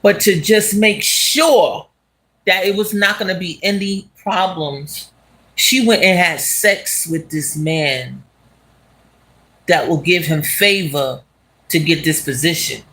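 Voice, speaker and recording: A vlogger casually retelling a movie plot while walking outdoors, talking in an animated, slangy way and laughing as they go. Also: medium pitch, slow pace. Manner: animated, slangy, laughs as it talks, asks "you understand?". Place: outdoors on city streets.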